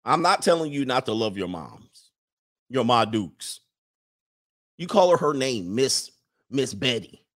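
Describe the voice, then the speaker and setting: A man's voice: mid-range voice, sing-song, a little slow, long pauses, fairly bright tone. An American man ranting casually and comically to his stream viewers, preaching and reading out their comments. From United States. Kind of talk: casual comedic rant to viewers.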